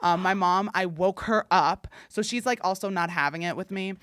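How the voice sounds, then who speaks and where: A young woman hosting a podcast, telling a story casually with many fillers and acting out quotes loudly. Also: lowish voice, moderate pace, smooth, no echo, clean studio sound. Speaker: podcast host.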